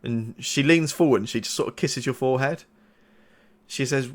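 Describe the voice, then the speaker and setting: Man, game master, narrating a tabletop game, halting, restarts, middle pitch.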